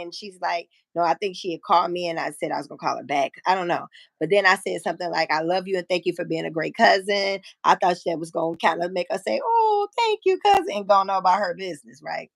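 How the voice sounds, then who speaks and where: Woman in her 50s, low gravelly voice, blunt and cussing, telling a story on her live, close dry mic. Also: fast talker, no echo. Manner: frank, profane, animated storyteller who acts out quotes. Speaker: livestream host. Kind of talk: casual storytelling chat.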